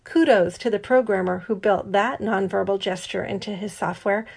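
A woman's voice: mid-range voice, normal speed, gravelly, darkish tone, husky. Woman narrating a wry audiobook.

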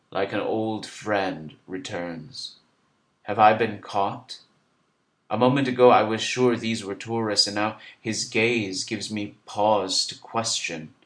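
Male narrator, somewhat low voice, measured introspective literary reading. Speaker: storyteller. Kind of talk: literary first-person narration.

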